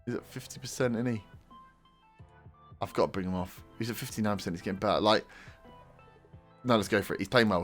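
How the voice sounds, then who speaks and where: A young man casually commentating his own football management game, excitable and talking to the players as the match plays out. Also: lowish voice, fairly quick, long pauses, soft background music. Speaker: gaming YouTuber. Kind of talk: casual let's-play commentary.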